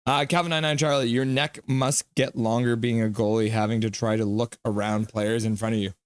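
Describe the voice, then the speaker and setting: A man hosting a live hockey watch-along stream, calling the plays casually, joking with chat and getting loud at goals. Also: medium pitch, brisk, clear, resonant tone, dry recording. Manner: excitable, jokey, shouts at goals. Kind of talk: casual play-by-play and chat reading.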